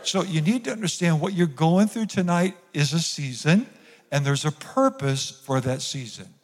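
A man's voice: fairly high pitch, expressive, normal speed, long reverb tail. A man preaching a sermon as pastor to his congregation in church, calling on them to repeat lines after him. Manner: preaching with call-and-response to the congregation. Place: church sanctuary.

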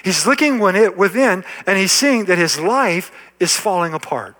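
High, bright-voiced preacher in a hall. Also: male voice, animated, moderate pace. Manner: preaching with rising emphasis and repetition. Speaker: pastor. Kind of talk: sermon. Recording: long hall reverb.

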